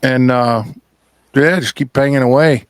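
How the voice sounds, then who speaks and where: A podcast host chats casually, telling stories bluntly and swearing plenty. His medium-pitched voice is steady, smooth, and a little slow, in a dry recording.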